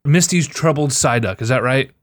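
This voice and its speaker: An excitable man chats casually about his video game catches, swearing often and jumping into loud bursts. His voice sits at an ordinary middle pitch. The sound is close and dry, with no room around it. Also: normal speed, dry recording. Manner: excitable, profane, storytelling. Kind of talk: casual gaming chat.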